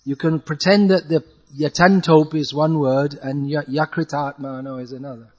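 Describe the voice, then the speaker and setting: A man leads a class in chanting Sanskrit verse. He patiently corrects each mistake and chants the lines slowly as a model. His voice sits a little on the high side. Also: steady tone, a little mellow, big-room sound.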